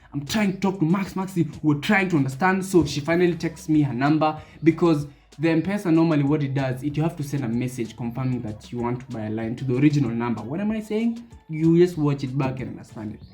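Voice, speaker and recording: Animated young Kenyan man telling a story. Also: on the high side, quick pace, soft background music. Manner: animated storytelling, acts out the people in his story. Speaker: vlogger. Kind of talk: storytime vlog.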